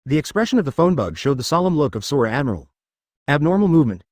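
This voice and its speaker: A male synthetic voice narrating an audio story in an even, mechanical reading with odd misreadings. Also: medium pitch, rapid-fire, no room sound, studio quality.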